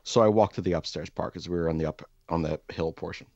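A man with a low voice tells a rambling, self-deprecating comic story and keeps jumping into overdone voices for the people in it. The sound is dull and dry, with no room tone. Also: quick pace, darkish tone, no room sound.

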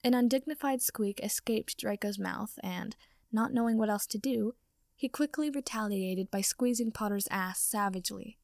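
A woman reading a story aloud as narrator, in a steady storytelling manner. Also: medium pitch, normal speed, vocal fry, no room sound, studio quality. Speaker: audiobook reader. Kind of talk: fan fiction reading.

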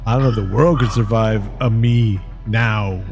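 A man in his forties, a podcast co-host who tells stories in casual movie chat, animated and profane. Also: on the low side, normal speed, music in the background.

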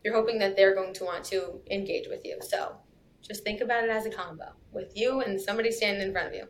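A young adult woman in a casual podcast interview, chatty and quick, full of asides. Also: mid-range voice, steady tone, slight background noise. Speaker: guest copywriter.

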